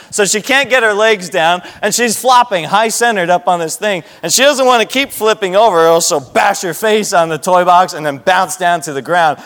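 A youth pastor in his thirties preaches in a large hall, his voice high-pitched and fairly bright. His sermon mixes earnest prayer with family stories in which he acts out his children's voices.

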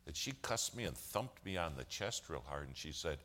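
A man's voice: rumbling low, expressive, moderate pace, few pauses, a bit bright. A man telling a long church story as a sermon, acting out the quoted dialogue of the people in it.

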